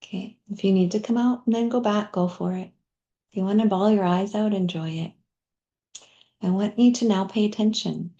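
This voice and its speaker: A middle-aged woman coach leading a guided body practice in a workshop, speaking gently with soft, near-whispered asides. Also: medium pitch, moderate pace, lo-fi sound.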